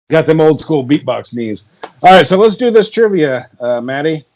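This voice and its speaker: A man's voice: a little high, very animated, moderate pace, a little mellow. A man co-hosting a comedy podcast, rambling and laughing often, with crude jokes. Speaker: podcast co-host. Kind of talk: casual comedic podcast chat.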